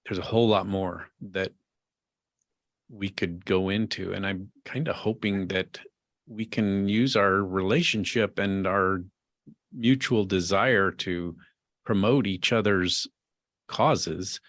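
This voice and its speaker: A man hosting a podcast interview, speaking in a gentle, supportive and measured way. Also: low-pitched, no echo, studio quality. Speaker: podcast host. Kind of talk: interview conversation.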